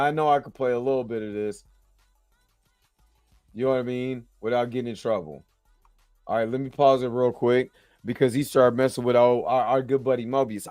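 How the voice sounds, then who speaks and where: A worn-out man talks through a TV episode in a loose, slangy ramble, checking in with his viewers again and again. His voice sits at an ordinary middle pitch and sounds close and dry, with faint music underneath. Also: no echo. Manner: rambling, slangy, chatty, keeps asking "you know what I'm saying". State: tired, yawning after a long work shift. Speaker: show host reviewing a TV episode. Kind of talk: casual video review.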